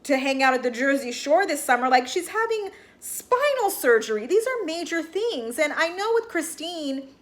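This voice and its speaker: A woman's voice: high voice, sing-song, moderate pace, hardly any pauses. A woman giving a casual recap of a reality TV episode, chatty and full of "like", with exasperated asides. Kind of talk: casual reaction commentary.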